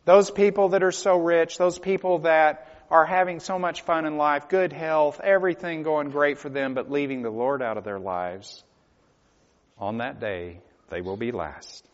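A man preaching a sermon, swinging from hushed, quiet passages to loud, pleading cries. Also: on the high side, measured pace. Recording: dull lo-fi recording in a reverberant hall.

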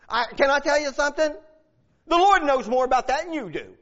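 A man's voice: extremely high pitch, animated, a little fast, a bit bright. A man preaching a fervent sermon, reading scripture aloud and pleading in prayer. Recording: dull lo-fi recording.

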